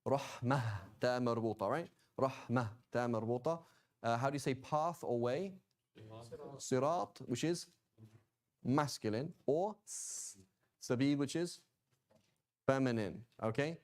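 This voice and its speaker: A Quranic Arabic teacher with a medium-pitched voice at normal speed gives an informal class lecture. He's casual and talkative, often checking in with "right?" and "okay?" and slipping in joking asides.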